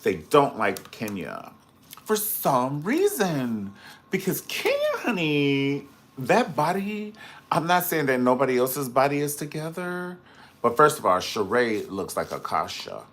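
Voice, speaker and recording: Man, live-stream gossip reviewer: sassy, theatrical, very expressive pitch, chats with the audience between takes. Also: unhurried. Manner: sassy, dramatic and gossipy, full of slang asides; chats with viewers in the live comments. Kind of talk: casual live-stream commentary.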